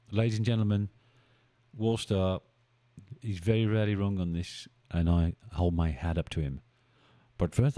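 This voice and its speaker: A man's voice: low-pitched, mellow. A man hosting a live stream, chatting casually, thinking aloud and bantering with his viewers as he goes. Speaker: live-stream trading host.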